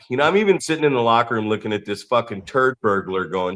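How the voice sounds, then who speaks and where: A man co-hosting a podcast, telling profane, animated stories full of acted-out quotes in casual chat. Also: medium pitch, fast talker. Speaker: podcast co-host.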